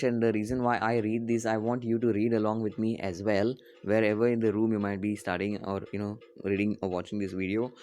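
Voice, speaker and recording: A male teacher reading a French poem aloud slowly, repeating each line and translating it, often correcting himself. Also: lowish voice, a little mellow.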